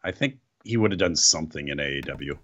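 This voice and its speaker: A man's voice: extremely low pitch, expressive, quick pace, sharp tone. A man co-hosting a podcast, giving wry, opinionated takes in casual chat about wrestling. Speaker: podcast co-host. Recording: dull lo-fi audio.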